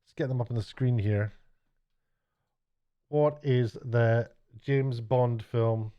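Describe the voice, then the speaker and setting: Middle-aged male vlogger, mid pitch, rambling self-deprecating chatter, muffled lo-fi recording. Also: takes it slowly, clean tone. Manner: chatty, self-mocking, stumbling restarts. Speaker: YouTuber and TV director. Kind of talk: rambling late-night vlog. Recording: dull lo-fi sound.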